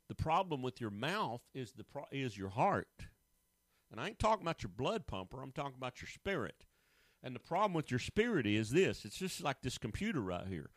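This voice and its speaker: A man's voice: medium pitch, very animated, a little fast, dry recording. Folksy, emphatic preacher man. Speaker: pastor. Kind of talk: sermon.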